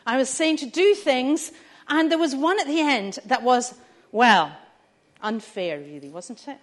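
A woman's voice: high voice, animated, measured pace. A woman leading a family church talk, chatty and asking the listeners questions. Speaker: preacher.

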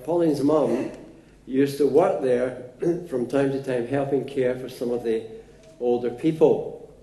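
A man preaching a sermon in a relaxed, conversational way, pausing often with fillers. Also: medium pitch, roomy sound. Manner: unhurried, conversational with frequent fillers.

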